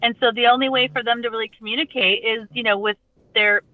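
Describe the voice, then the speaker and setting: A lively woman guest chats about her birds in a fairly high voice, jumping into little acted-out lines. The sound is dull and dry, with no room around it. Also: quick pace, no room sound. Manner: animated, acts out what the birds would say. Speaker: guest, rooster keeper. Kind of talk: casual interview chat.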